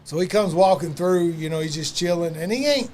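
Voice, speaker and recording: A man's voice: high-pitched, fairly quick, darkish tone, slight background noise. A man telling loose, profane wrestling stories in a casual chat, full of fillers and asides. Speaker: wrestling podcast guest.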